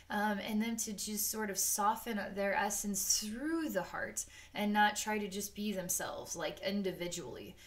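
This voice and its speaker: Rambling woman giving a psychic reading. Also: medium pitch. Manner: rambling and unscripted, with many "um"s and "like"s; acts out the chakras in quoted asides. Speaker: psychic reader. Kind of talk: spoken energy-healing session.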